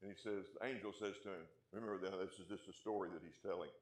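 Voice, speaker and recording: A man preaching a sermon as pastor, asking his congregation questions and punching key points, then dropping to a hush. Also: deep voice, fairly even intonation, quick pace, roomy sound. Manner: emphatic, rising loud on key points, then dropping quiet; asks the congregation rhetorical questions.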